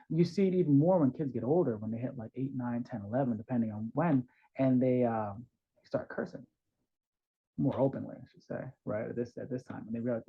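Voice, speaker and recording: A man talking as a guest in an interview about parenting, animated and acting out voices of parents and kids, heard over a call. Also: medium pitch, a little fast, husky. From New York. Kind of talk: conversational advice in an interview. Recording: dull, lo-fi sound.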